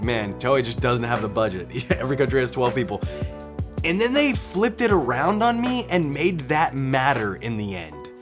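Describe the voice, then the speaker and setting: A young man giving casual, excited reaction commentary on a show, swearing often and laughing as he watches. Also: fairly high pitch. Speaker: reaction video host.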